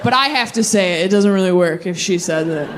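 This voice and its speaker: A young woman performs stand-up on a club stage into a handheld mic. Her delivery is animated, and she pops into high, exaggerated voices for the people in her stories. A faint hiss of noise sits under the recording. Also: a little fast, a crowd in the background. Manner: animated, jumps into high-pitched character voices. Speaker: stand-up comedian. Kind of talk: stand-up set. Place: comedy club stage with audience laughter.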